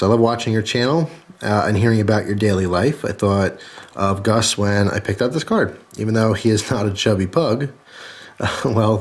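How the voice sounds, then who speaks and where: Lower-voiced male host, casual and jokey, reading viewer cards to camera. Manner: chatty, jokey, thanks readers warmly. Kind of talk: casual chat.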